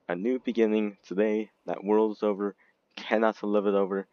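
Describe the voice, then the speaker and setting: Low-voiced man rambling over a game. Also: moderate pace, darkish tone, no room sound. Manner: rambling, giggly, sudden squeaky outbursts. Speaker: gaming video creator. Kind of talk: casual game commentary. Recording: dull lo-fi recording, dry.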